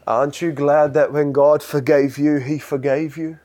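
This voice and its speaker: A man preaching a sermon, swinging from loud, high exhortation to quiet, low intensity. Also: little pitch movement, slow, long pauses.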